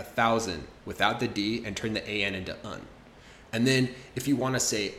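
A man teaching English pronunciation in a podcast lesson, expressive as he demonstrates sounds. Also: lowish voice, fairly quick, reverberant, slight background noise.

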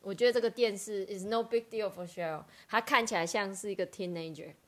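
A woman's voice: mid-range voice, a little fast. A woman co-hosting a bilingual chat, chatty and explaining, often laughing. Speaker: co-host. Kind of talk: bilingual chat mixing Mandarin and English.

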